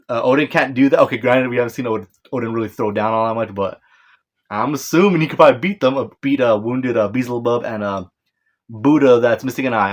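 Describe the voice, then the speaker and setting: Casual male reviewer, rambling and self-correcting, apologetic chuckles, mid-pitch. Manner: rambling, self-correcting, stumbles over names. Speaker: manga reviewer. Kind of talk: casual chapter breakdown.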